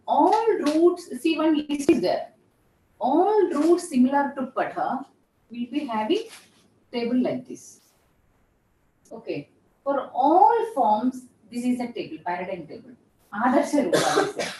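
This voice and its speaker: A woman professor with a fairly high, mellow voice lectures in a classroom, patiently repeating terms during her explanations. The recording has slight background noise, and she sounds far away in an echoey room.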